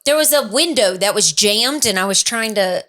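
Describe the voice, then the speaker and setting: A woman's voice: medium pitch, expressive, moderate pace, bright, forceful tone. Middle-aged woman, podcast co-host, casual chat, rambling and chatty. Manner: chatty, rambling recounting with teasing asides.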